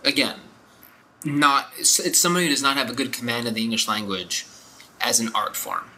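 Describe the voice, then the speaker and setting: A man's voice: medium pitch, brisk, bright, forceful tone, low-quality recording. A young man co-hosting a podcast, blunt and opinionated as he rants in casual chat. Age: young adult. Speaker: podcast co-host.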